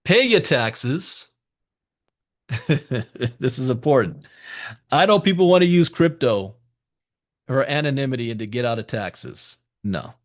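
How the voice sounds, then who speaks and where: Guy hosting a coaching call, mid pitch, pushy motivational vibe, repeats his points. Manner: emphatic, repeats key advice, speaks directly to listeners. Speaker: host of a crypto education call.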